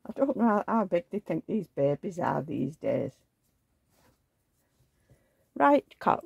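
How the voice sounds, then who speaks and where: Woman vlogger, chatty and rambling, coos at dolls; gravelly voice with a lively, swooping pitch. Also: slow pace, pauses often, no echo. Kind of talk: casual chat.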